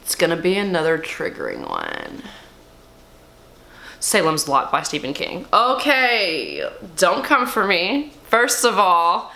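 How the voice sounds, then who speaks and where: A woman's voice: slow, gravelly. Candid, swearing young woman vlogger. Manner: candid and swearing, lively swings of pitch. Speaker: book vlogger. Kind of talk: casual chat.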